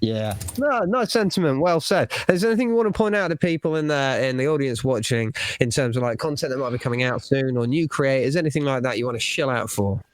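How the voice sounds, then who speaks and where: A man hosting a casual online round-table. He talks in a loose, lively way, swearing freely and laughing easily. His voice sits mid-range and plain, heard through a home mic on a call. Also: medium pitch, fast, few pauses, no room sound. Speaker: panel host. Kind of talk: casual panel chat.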